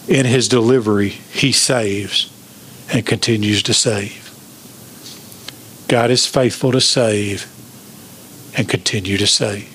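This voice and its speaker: A pastor preaching an emphatic sermon, asking the congregation questions. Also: male voice, medium pitch, a bit bright, a little hiss or hum.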